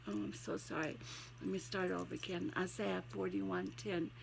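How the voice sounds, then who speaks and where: A woman's voice: lowish voice, steady tone, normal speed, creaky, background noise. A woman with a Southern accent who has a cold, giving a homey, encouraging devotional talk with scripture readings. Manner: homey, encouraging, chatty asides. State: has a cold, sniffling and sneezing. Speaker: Christian devotional vlogger.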